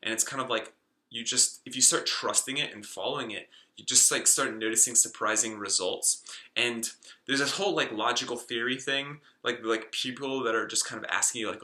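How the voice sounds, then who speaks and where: A man's voice: medium pitch, moderate pace, bright, forceful tone, echoey room. A man in his late twenties explaining a self-help topic in a casual, rambling way, full of fillers and restarts. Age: 20s. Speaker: self-help video host.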